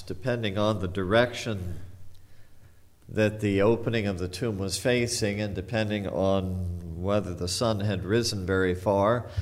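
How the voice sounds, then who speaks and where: Male pastor, lowish voice, slow measured sermon delivery, reflective storyteller. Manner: reflective storytelling, retelling scripture.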